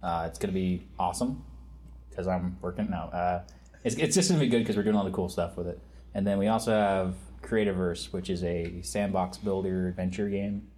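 A man's voice: low-pitched, brisk, dark tone. A man appearing as a game developer guest on a podcast, chatting casually and rambling with self-deprecating jokes. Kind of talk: casual chat.

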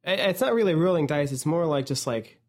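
A man's voice: on the high side, lively intonation, fairly quick. A man co-hosting a podcast in casual comedic chat, rambling and breaking into frequent laughter. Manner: giggly, rambling, laughs often. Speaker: podcast co-host.

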